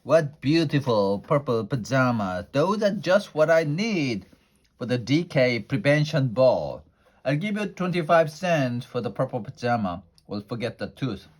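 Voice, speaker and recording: A man voicing a bossy, greedy tooth queen who shrieks and yells her orders. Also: mid-range voice, very animated, a little slow. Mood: greedy coaxing. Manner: shrieking, yelling.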